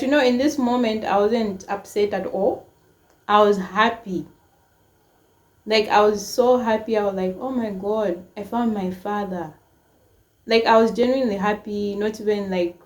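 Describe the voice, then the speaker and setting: Talking at a moderate pace with a mid-range voice, this twenty-something woman shares something personal on camera in storytime-vlog style. It comes out emotional and casual, studded with "like" fillers and lively impressions of what others said.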